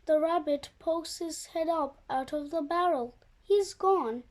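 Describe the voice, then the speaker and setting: Very high-voiced young book reader. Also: steady tone, a little slow. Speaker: storybook reader. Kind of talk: reading a children's book aloud.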